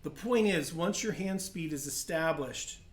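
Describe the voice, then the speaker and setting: Slow-talking male drum teacher. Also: on the high side, roomy sound, very noisy. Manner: patient, explains step by step and counts in aloud. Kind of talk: livestream drum lesson. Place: percussion studio.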